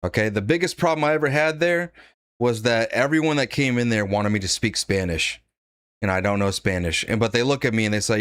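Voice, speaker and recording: A man's voice: mid-range voice, fairly quick, a bit bright, no echo. Blunt sarcastic man streaming. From United States. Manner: blunt, sarcastic, laughing asides. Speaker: political commentary streamer. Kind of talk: casual live-stream commentary.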